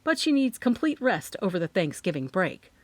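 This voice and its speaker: A woman reading an audiobook, voicing a calm, reassuring male doctor. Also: medium pitch, normal speed, no echo.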